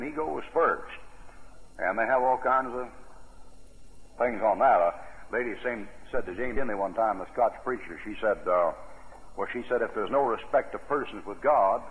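Folksy preacher on tinny old radio. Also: male voice, mid-range voice, big-room sound. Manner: folksy, emphatic preaching with colloquial grammar. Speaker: pastor. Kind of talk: sermon.

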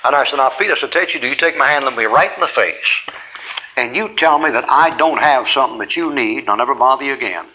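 Folksy male preacher acting out both sides of his stories, sharp bright voice, muffled old tape. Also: medium pitch, quick pace, slight background noise. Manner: folksy storytelling, acts out both sides of conversations. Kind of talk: sermon with personal testimony.

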